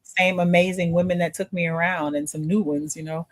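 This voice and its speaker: A woman's voice: lowish voice, steady tone, fairly quick, no echo. A woman in a casual livestream chat, talking reflectively and often asking "you know what I'm saying". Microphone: streaming call mic.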